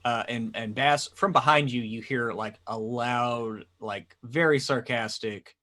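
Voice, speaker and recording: A man's voice: mid-range voice, measured pace, hardly any pauses, bright, forceful tone. A man narrating a tabletop game as game master, rambling with lots of fillers.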